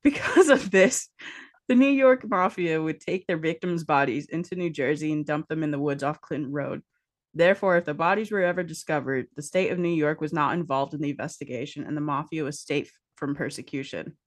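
A woman's voice: deep voice, a little fast, no echo, clean studio sound. A woman co-hosting a casual podcast, teasing her co-host and reading aloud from a book.

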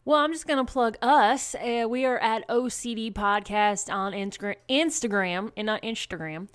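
A woman's voice: a little high, moderate pace, smooth. A woman co-hosting a podcast in casual chat, giggling and correcting herself as she goes. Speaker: podcast co-host.

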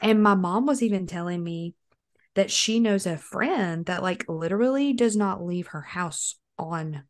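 A woman's voice: on the low side, animated, measured pace. A young woman co-hosting a podcast in casual chat, telling stories animatedly and laughing often. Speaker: podcast co-host.

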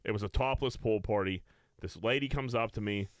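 A man's voice: fairly low pitch, brisk, no room sound. A man hosting a casual comedy podcast, chatting in a laid-back, conversational way. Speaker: podcast host.

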